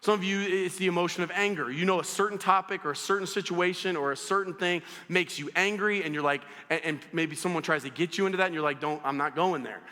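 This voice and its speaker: A man preaching a sermon as pastor, telling stories in an animated way and speaking straight to his congregation. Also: high-pitched, quick pace, hardly any pauses. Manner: animated storytelling, addresses the audience directly. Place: church auditorium. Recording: church hall reverb.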